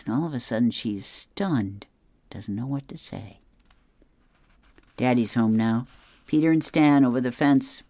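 A man's voice: medium pitch, a little slow, long pauses, warm tone, no room sound, studio quality. A man reading newspaper comic strips aloud and describing each panel in a chuckling, easygoing way. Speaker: comics reader.

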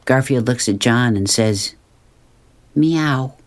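A man's voice: mid-range voice, measured pace, a little mellow. A man reading comic strips aloud, describing each panel and chuckling often. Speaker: reader.

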